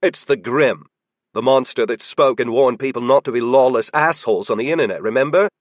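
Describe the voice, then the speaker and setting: Man as young woman, breathless and excited, dry studio. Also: mid-range voice, a little fast, no room sound, close to an everyday voice. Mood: eager.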